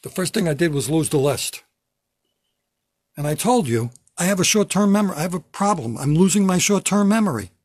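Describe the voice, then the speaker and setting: An older man with a husky, breathy voice, a touch high for a man, doing stand-up alone from his basement. He delivers wry, self-deprecating jokes in a dry, close-miked sound, breaking into loud bursts when he acts out a bit. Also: lively intonation, fairly quick, no room sound. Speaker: stand-up comedian. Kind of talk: stand-up routine from home. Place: home basement.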